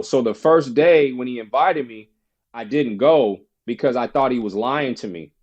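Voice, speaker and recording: Male podcast guest, animated storyteller doing other people's voices, mid pitch, somewhat lo-fi. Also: moderate pace, breathy edge. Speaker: podcast guest, former basketball player. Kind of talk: casual storytelling interview.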